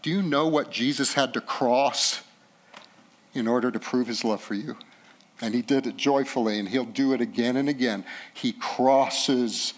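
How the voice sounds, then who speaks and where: A middle-aged pastor preaches a sermon, his voice climbing loud and high at the climaxes and falling soft and slow during tender passages.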